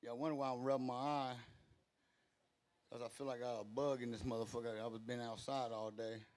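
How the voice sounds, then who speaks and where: A man's voice: medium pitch, little pitch movement, fairly quick, darkish tone. A man doing rambling, profane stand-up at an open mic in a small club, speaking into a stage mic and interrupting himself as he goes. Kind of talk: stand-up comedy.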